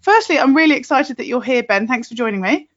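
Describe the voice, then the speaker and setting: Woman host, slightly high voice, quick chatty delivery, laughs a lot. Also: lively intonation, highs cut off. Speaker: podcast host. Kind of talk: podcast interview chat.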